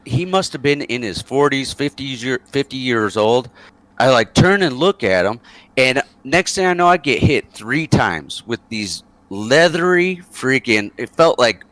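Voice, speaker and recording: A man's voice: medium pitch, sharp tone, no echo. A man, a former soldier, tells a rambling war story in a casual interview over a voice call, with many fillers and chuckles.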